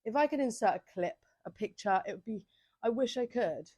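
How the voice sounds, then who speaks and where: A woman's voice: a little high, expressive, fairly quick, darkish tone, slightly rough, no room sound. A young woman hosting a casual solo podcast, chatting in a rambling, filler-heavy way with sassy asides, recorded outdoors on a handheld microphone. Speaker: podcast host. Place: outdoors on holiday by the sea.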